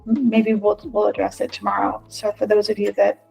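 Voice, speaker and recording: A woman leading a group through a guided visualization, speaking in gentle, repetitive, inviting prompts. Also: medium pitch, monotone, brisk, creaky, faint music behind. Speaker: spiritual workshop leader.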